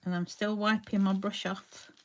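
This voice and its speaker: A woman's voice: medium pitch, level tone, normal speed. A woman hosting a live crafting tutorial, chatting along and greeting viewers by name as she paints. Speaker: crafting demonstrator.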